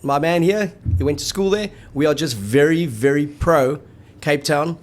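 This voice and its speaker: A man's voice: on the high side, normal speed. A man co-hosting a rugby show, chatting casually and wryly and tagging his sentences with "eh". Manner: chatty, tags sentences with "eh", wry. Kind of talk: casual sports chat.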